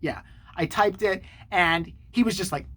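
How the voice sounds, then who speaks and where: A man hosting his own channel, telling a story to the camera in a sarcastic, profane, animated way. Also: sits high, measured pace. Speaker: channel host.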